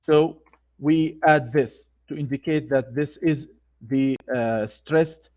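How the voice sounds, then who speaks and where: Man, grammar teacher, online lecture, repeats himself, slow, slightly high voice, dull computer-mic sound. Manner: slow, deliberate, repeats key phrases.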